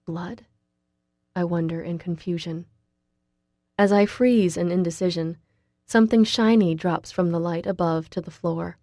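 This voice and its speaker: A woman narrating a novel in first person, reading in a quiet, measured way. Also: lowish voice, steady tone, no room sound, clean studio sound. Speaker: audiobook narrator.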